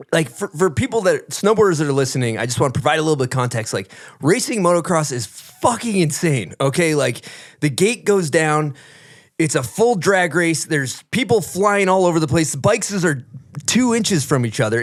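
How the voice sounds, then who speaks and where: A man hosting a podcast, asking long, laid-back questions and swearing casually. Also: on the high side. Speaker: podcast host. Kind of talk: casual interview chat.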